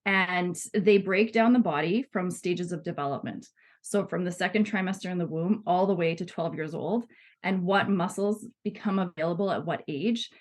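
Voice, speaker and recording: A woman's voice: lowish voice, moderate pace. A woman in her thirties talking casually as a podcast guest, chatty, with frequent laughs and fillers. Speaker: guest, body psychotherapy student.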